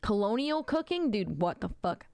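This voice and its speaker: Gravelly-voiced woman streamer, blunt and profane. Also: medium pitch, big pitch swings, darkish tone, no echo. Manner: profane, blunt, quick reactions. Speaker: livestream host. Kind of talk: casual livestream chat.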